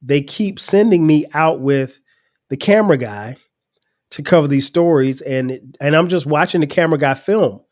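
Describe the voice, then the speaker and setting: A man, telling a personal story on his podcast in a relaxed way and chuckling at his younger self. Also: fairly high pitch, moderate pace. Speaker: podcast host.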